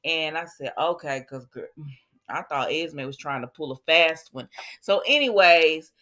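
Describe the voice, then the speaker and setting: A woman recapping a soap opera in casual chat, animated and full of asides to her viewers. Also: deep voice, unhurried.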